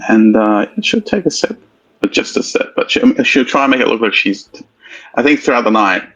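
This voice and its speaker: Man, tabletop player, husky fry, muffled distant mic. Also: lowish voice, expressive, moderate pace, a bit bright. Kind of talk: tabletop play, describing actions.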